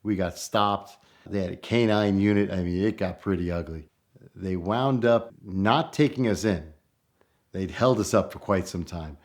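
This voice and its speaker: A middle-aged man from New York telling a road story in a casual, animated way, acting out the people he quotes. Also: unhurried. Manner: animated, acts out quoted voices with rising pitch. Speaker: storyteller guest.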